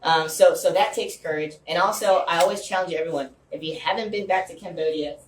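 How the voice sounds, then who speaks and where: A man's voice: a little high, a little fast. Man rambling through a heartfelt speech, far from the mic, roomy hall, faint hum behind. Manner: rambling and earnest, many fillers and restarts. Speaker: guest speaker. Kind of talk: impassioned speech to a community group.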